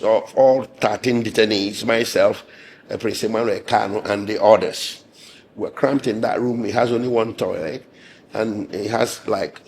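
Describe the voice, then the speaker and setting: A man with a hoarse, gravelly voice recounts his account in an interview. He speaks in a low register, measured and indignant, pausing often with fillers. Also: darkish tone, slight background noise. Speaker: lawyer and interviewee.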